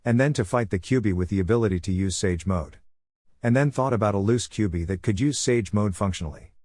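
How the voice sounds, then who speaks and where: Male narrator, fan fiction reading, steady, lowish voice, dry close sound. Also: brisk, no echo.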